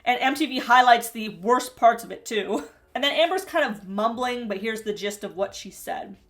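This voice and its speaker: A woman with a fairly high voice talks through a reality TV recap. She is snarky and chatty, and laughs often as she comments. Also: animated, normal speed, a bit bright.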